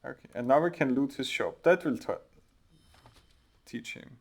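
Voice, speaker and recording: A man with a German native tongue commentates his game run in a casual, dry way. His voice sits at an ordinary middle pitch as he reads out dialogue choices. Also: moderate pace, darkish tone. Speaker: let's play host.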